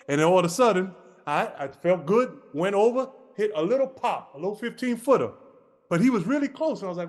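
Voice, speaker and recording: A man co-hosting a podcast, telling a lively basketball anecdote and acting out the dialogue. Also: sits high, fairly quick, long reverb tail. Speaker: podcast co-host. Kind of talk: casual storytelling.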